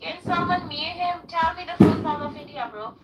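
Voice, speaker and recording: A woman's voice: very high voice, normal speed. A woman trading crude taunts in a group voice chat, heckling others with repeated jabs. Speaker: voice chat participant. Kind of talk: crude trolling banter. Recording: distant echoey voice chat with faint noise.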